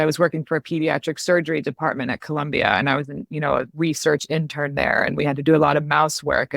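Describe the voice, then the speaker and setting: A woman's voice: low-pitched, gravelly, fairly bright tone, dry recording, studio quality. A woman guest on a podcast, an emergency physician telling a candid personal story in a chatty way, full of "you know" and "like".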